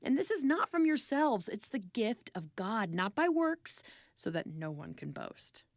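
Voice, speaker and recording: A woman's voice: on the high side, very animated, measured pace, no echo, clean studio sound. A woman leading an earnest, reverent spoken prayer. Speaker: prayer leader.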